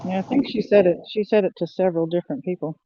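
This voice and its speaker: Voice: medium pitch, fast talker, a little hiss or hum. Blunt, cursing voice-chat caller. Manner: blunt and profane. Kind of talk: casual voice chat. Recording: muffled voice-call audio.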